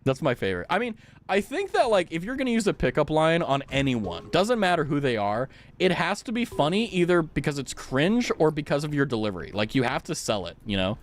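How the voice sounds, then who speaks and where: A man's voice: on the high side, sing-song, a little fast, slight background noise. A man streaming a game, chatting casually and joking at his own expense. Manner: joking, rambling, self-mocking. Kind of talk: casual chat.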